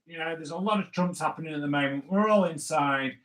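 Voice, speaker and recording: A man's voice: fairly high pitch, quick pace, fairly bright tone, poor audio. A man who makes comics hosts a live drawing stream, chatting playfully and cracking jokes as he sketches viewers' requests. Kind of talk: live draw-along chat.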